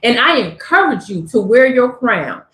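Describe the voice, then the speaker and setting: A woman from Southern California giving a tarot reading, talking straight to her viewers in an animated, affirming manner. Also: fairly high pitch, moderate pace, echoey room, rough recording. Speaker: tarot reader.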